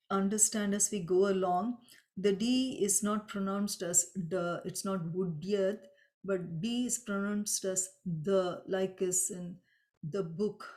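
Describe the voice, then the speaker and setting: Slow, patient woman teaching a chant. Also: medium pitch, darkish tone. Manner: patient, explains pronunciation step by step; chants mantras slowly and drawn out. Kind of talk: slow spoken lesson with chanting.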